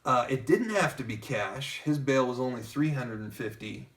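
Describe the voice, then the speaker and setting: A man's voice: mid-range voice, moderate pace. Man spinning a story, slightly distant mic. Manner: lively narrator who keeps acting out quoted dialogue. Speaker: guest telling a personal story. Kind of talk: casual storytelling.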